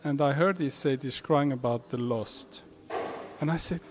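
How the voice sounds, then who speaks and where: A man's voice: mid-range voice, moderate pace. Pastor telling his story animatedly, man. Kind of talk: casual faith chat. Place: coffee shop.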